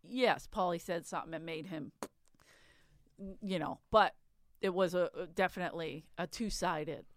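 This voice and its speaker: A woman's voice: lowish voice, normal speed. A woman co-hosting a casual chat, telling a story with frequent restarts and asides. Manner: chatty, laughs often, trails off and restarts. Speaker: podcast co-host.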